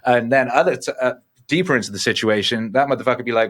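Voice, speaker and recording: A man who rambles through long, profane stories in a casual podcast chat. He slips into little voices for the people in his tales. His pitch sits in a middle range for a man. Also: fast, fairly bright tone. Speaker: podcast guest, musician.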